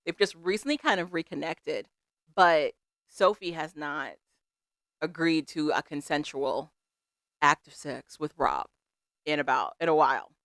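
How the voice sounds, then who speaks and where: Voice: mid-range voice, unhurried, gravelly, pauses often, a bit bright, dry recording, studio quality. A podcast co-host recapping a show in casual chat, analytical and amused. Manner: analytical, amused, laughs often.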